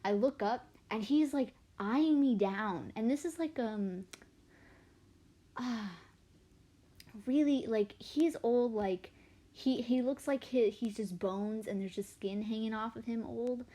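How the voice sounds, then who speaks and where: A woman's voice: fairly high pitch, slow. A young woman in her late teens, chatting casually while drawing on a livestream, rambling and self-deprecating as she tells stories. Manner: chatty and animated, voice swinging up and down. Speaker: artist livestreamer.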